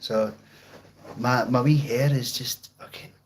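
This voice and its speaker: Slow and steady, the Scottish livestreamer from just outside Glasgow talks in a mid-range voice while reading viewer comments, swearing and joking in an easygoing ramble. He's at home with a guitar and amp, on a low-quality recording with slight background noise.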